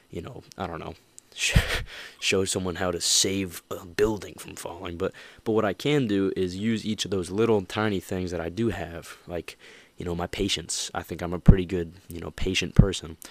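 A man with a low voice hosts a motivational podcast, rambling earnestly and looping back with "you know" and restarts. The sound is dry and close, with no room around him. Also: no room sound. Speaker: podcast host.

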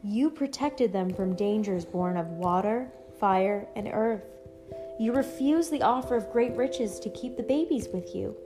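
A woman reading aloud, voicing a gentle, magical motherly spirit who speaks in a calm, tender and reassuring way. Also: medium pitch, a little slow, over music, lightly acted. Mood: solemn.

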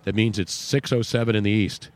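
A man's voice: lowish voice, steady tone, brisk. A man hosting a talk radio show, chatting loosely and reading a live ad. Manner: chatty, rambling.

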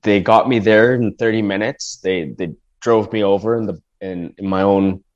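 A man's voice: fairly low pitch, fairly even intonation, moderate pace, highs cut off. A man telling a personal story in a casual, rambling way, with restarts, often acting out what people said.

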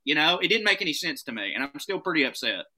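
A man telling comic stories in casual podcast talk, animated and profane, often laughing as he goes. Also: fairly high pitch, quick pace. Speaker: podcast guest.

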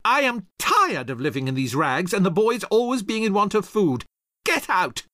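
A woman's voice: mid-range voice, very animated, moderate pace, fairly bright tone, no room sound, clean studio sound, voice pushed up. A man voicing a world-weary young mother at her wits' end, shrieking in fury. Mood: furious.

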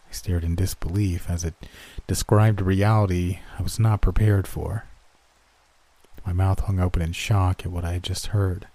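A man narrates a first-person horror story in an even, steady storytelling manner. His voice sits low and sounds mellow and relaxed. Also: normal speed, no room sound.

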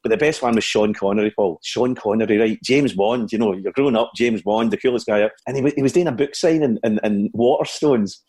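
Husky Scottish man telling stories. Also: on the low side, a little fast, hardly any pauses. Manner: chatty, stumbling restarts, lively anecdotes. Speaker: comedian and guest. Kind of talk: storytelling in an interview.

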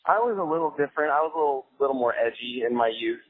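A young man telling a casual anecdote, animated, laughing often and swearing casually, with many "like" fillers. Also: medium pitch, fast talker, no echo. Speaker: storyteller. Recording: phone-like line with faint music.

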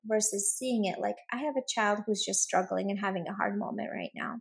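A woman's voice: mid-range voice, fairly quick, gravelly, slightly rough. A woman guest on a parenting podcast, talking earnestly and animatedly, full of "like" and "right?". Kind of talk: conversational interview.

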